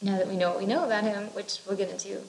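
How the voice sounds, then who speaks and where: A woman's voice: medium pitch, fairly even intonation, racing, a little mellow. A woman co-hosting a casual book discussion, rambling with lots of "like" and "you know". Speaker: podcast co-host discussing a book. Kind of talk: casual chat. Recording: roomy echo with faint background noise.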